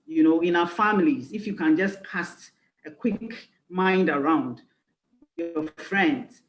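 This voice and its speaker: A woman's voice: on the low side, slow pace, reverberant, slight background noise, rough recording. A woman life coach giving a conference talk, earnest and reflective, leaning on key phrases. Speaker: executive life coach and speaker.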